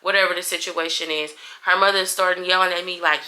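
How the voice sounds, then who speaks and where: A young adult woman vlogger telling a heated story in a casual, animated, profane way. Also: mid-range voice, normal speed, few pauses. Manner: animated, profane, acts out everyone's lines.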